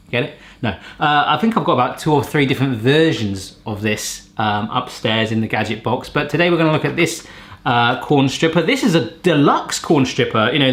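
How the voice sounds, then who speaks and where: Chatty, pun-loving male host testing gadgets in his kitchen. Animated delivery. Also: medium pitch. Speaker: cooking channel host. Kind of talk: casual gadget-testing vlog. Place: home kitchen.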